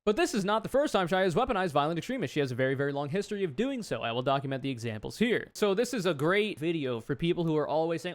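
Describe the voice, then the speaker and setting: A man's voice: a little high, very animated, quick pace, hardly any pauses. A man giving a political commentary video in a sarcastic, profane, exasperated way.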